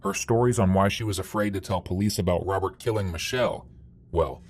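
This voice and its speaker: A man's voice: sits low, a little fast. A man narrating a true-crime video in a dry, sardonic scripted voice.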